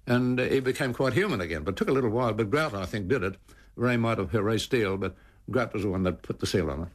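A man's voice: fairly low pitch, lively intonation, fast. An older Australian man, a former cricketer, telling anecdotes in an emotive way and often repeating words as he speaks. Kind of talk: anecdotal storytelling.

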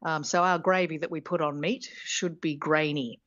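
A woman's voice: low voice, fairly even intonation, normal speed, fairly bright tone, no echo, highs cut off. A woman professor, explaining things on radio in a thoughtful, chatty way with plenty of ums and restarts. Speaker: linguistics professor, guest.

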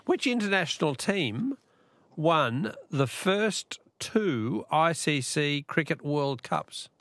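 A man's voice: a little high, sing-song, takes it slowly, a bit bright, no room sound. An Australian man hosting a live talkback radio quiz, chatty and coaxing, repeating the question for callers. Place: radio studio.

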